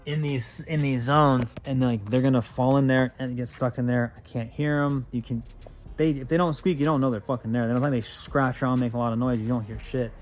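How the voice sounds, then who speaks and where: A man's voice: medium pitch, fairly even intonation, brisk, faint music behind. A man vlogging about his car, telling a rambling, casual story full of swearing and filler phrases.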